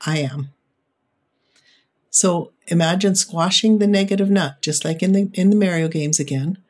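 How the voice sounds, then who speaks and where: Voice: medium pitch, a little mellow. An upbeat, encouraging podcast host giving parents tips in a monologue.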